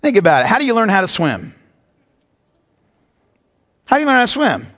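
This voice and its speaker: A man with a notably high voice preaches a sermon, stretching key words and then rattling off quick asides. He sounds middle-aged. The words ring out in a long hall reverb. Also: wildly swooping pitch, fairly bright tone. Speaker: pastor.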